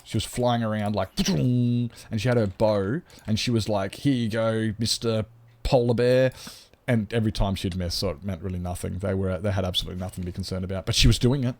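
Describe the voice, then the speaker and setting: A man's voice: fairly low pitch, fairly even intonation, quick pace, few pauses, a little mellow. A man with an Australian accent chatting casually on a game live stream, rambling and joking and swearing freely.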